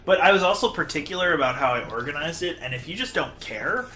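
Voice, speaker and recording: Man, casual gaming host, bright voice, self-deprecating, roomy echo. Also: on the high side, animated, fast talker, a little hiss or hum. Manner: chatty, self-deprecating, laughs often. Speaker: host and player.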